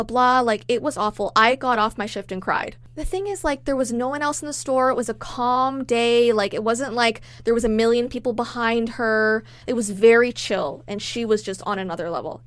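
A young woman co-hosting a podcast, telling a story in a casual, animated way and acting out the people in it. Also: a little high, no room sound. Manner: animated, acts out quoted customers. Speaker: podcast co-host.

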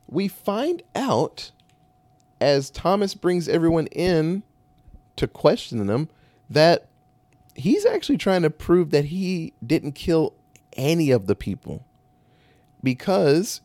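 On a dry recording, a man with a medium-pitched, darkish voice co-hosts a casual talk show. He recaps a movie in a rambling, profane manner, fixing his own mistakes as he goes.

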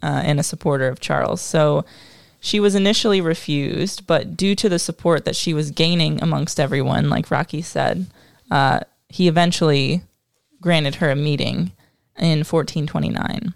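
Woman co-host, gravelly voice, dry close sound, casual, reads from notes with self-deprecating asides. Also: deep voice, moderate pace, no room sound. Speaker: podcast co-host. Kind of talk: casual history discussion.

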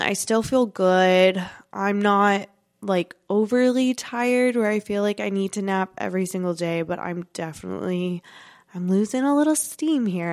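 A young adult woman hosting her podcast in a casual monologue, talking through a stuffy nose and slightly out of breath, rambling with lots of "like" and "you know". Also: lowish voice. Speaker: podcast host.

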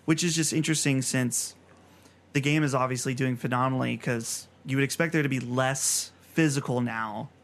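Male podcast host, gravelly, casual and chatty while reading news items. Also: mid-range voice, fairly even intonation, a bit bright. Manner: reads news items rapid fire, chatty. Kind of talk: casual chat.

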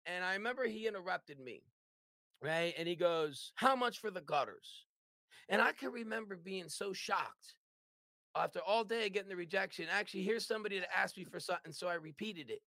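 A man telling his comeback story as a podcast guest, voice high and bright for a man. He talks in lively bursts, tagging nearly every line with a quick "right?" The sound is close and dry, with no room around it. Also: no echo. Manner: animated, tags lines with "right?". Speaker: business owner guest. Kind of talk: storytelling in an interview.

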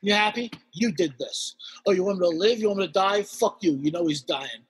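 A man's voice: high voice, brisk, breathy edge. A man voicing a huge, brutal male raccoon thug who throws out swaggering, contemptuous threats. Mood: menacing.

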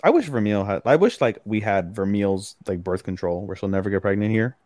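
A man's voice: fairly low pitch, lively intonation, brisk, darkish tone, dry recording. A man co-hosting an anime podcast, recapping episodes in casual, rambling, profane chat. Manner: rambling, profane, acts out characters' lines mid-recap. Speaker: podcast co-host.

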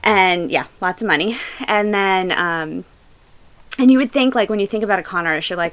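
A woman's voice: on the low side, moderate pace, fairly bright tone, low-quality recording. A woman hosting a true-crime podcast, telling the story in a casual, chatty way with lots of fillers. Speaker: podcast host.

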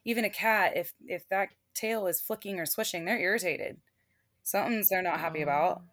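A woman's voice: fairly low pitch, fairly quick, fairly bright tone, dry recording. A young adult woman, a veterinary technician and animal communicator, talking casually as a podcast guest with frequent fillers and laughs.

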